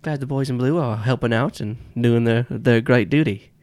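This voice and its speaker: A man's voice: mid-range voice, normal speed, a little mellow, no echo, lightly acted. A man doing a glib, breezy con man on the phone. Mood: smooth, persuasive. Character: smooth-talking male con man on the phone.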